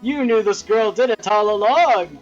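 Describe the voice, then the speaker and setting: A man voicing a gloating, pompous male prosecutor in a game, with slow theatrical delivery. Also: sits high, lively intonation, dull audio, soft background music.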